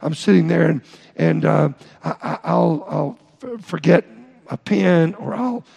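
Middle-aged male pastor, high gravelly voice, preaching a sermon, echoing through a long-reverb church hall. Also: a little mellow. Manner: halting, repeats words, explains Greek terms. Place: church sanctuary.

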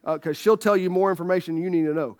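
A man's voice: sits high, quick pace. A middle-aged man preaching a sermon as pastor, folksy and joking with his congregation. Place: church sanctuary.

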